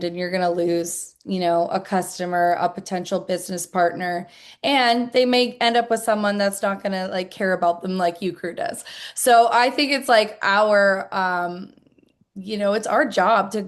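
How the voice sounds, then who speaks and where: A woman interviewed as a network marketer, answering earnestly and chattily with many "like"s and "I mean"s. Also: medium pitch.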